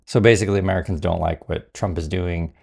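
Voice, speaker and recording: Low gravelly man in political commentary. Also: fairly even intonation, fast, darkish tone. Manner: sarcastic, many fillers and restarts.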